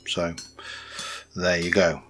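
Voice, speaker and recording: A man with a very deep, low-pitched voice talks through a game in a loose, rambling way, stopping for fillers and small restarts. A faint hiss of noise sits under him. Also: monotone, slow pace. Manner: chatty and rambling, with many fillers. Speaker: let's-play host. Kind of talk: casual game commentary.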